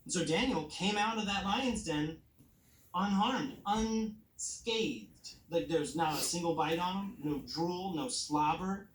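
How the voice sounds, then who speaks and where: A woman's voice: fairly low pitch, takes it slowly, echoey room, a little hiss or hum, rough recording. A woman telling a Bible story to children at bedtime, playful, asking them questions and acting out the characters.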